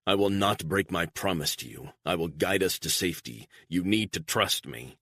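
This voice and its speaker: A man's voice: low voice, lively intonation, moderate pace, a bit bright, husky, no echo, clean studio sound, full character voice. A man voicing a cold, controlled male covert operative who speaks in curt, firm commands. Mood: stern.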